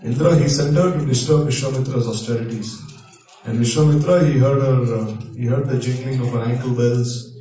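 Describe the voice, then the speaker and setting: A man's voice: medium pitch, brisk, warm tone, slight background noise. A man giving a sermon, telling scripture stories in a questioning, hesitant way and answering his own questions. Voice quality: frequent hesitations, repeats words. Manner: asks questions and answers them himself. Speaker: speaker giving a religious discourse. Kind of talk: sermon storytelling. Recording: echoey room, voice far from mic.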